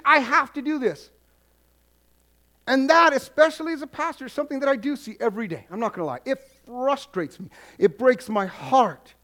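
High-voiced pastor preaching emphatically. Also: male voice, a bit bright. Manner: acts out congregants' voices in quoted asides. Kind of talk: sermon.

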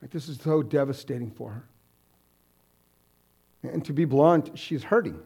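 A man's voice: mid-range voice, measured pace, creaky, a little mellow, slightly rough. A man preaching a sermon as pastor, in an earnest, heartfelt way.

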